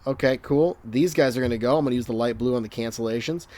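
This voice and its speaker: A man's voice: mid-range voice, fast talker, dark tone. A young male math teacher working through review problems in a casual, joking way, recorded at home on a desk microphone. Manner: chatty, jokey, talks to students as he works.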